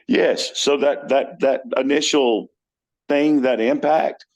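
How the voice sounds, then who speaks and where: A man's voice: mid-range voice, slow, darkish tone. A man talking as a podcast guest in casual chat, telling stories earnestly with many restarts.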